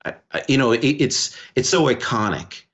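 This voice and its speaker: A man co-hosting a podcast, telling a story in a rambling, animated way with lots of restarts. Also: mid-range voice, moderate pace. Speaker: podcast co-host. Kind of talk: casual podcast conversation.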